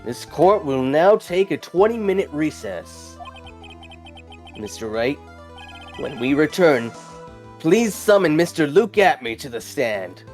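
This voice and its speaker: A woman plays a stately older male judge, formal and unhurried. Her voice sits low yet swings widely in pitch, with faint music behind. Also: big pitch swings, a little mellow, heavily acted. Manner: formal, slow.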